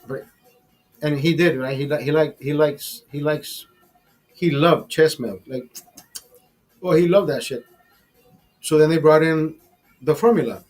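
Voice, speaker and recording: Guy rambling thru a profane story on his podcast, kinda high voice, loose and animated. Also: a little slow, pauses often. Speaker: podcast host. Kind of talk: casual comedic storytelling.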